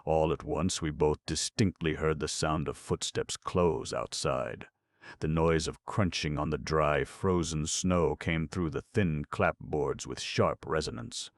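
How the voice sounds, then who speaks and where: A man narrating an audiobook in a measured storytelling manner. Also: a bass voice, dry recording, clean studio sound.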